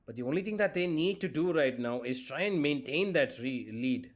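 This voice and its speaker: A man giving brisk, steady play-by-play commentary on a live esports match. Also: fairly high pitch. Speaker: esports caster.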